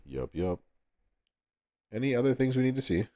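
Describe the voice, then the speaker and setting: A man's voice: mid-range voice, sing-song, moderate pace. A man with a Southern US accent hosting a livestream, chatting casually with viewers and laughing often. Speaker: livestream host.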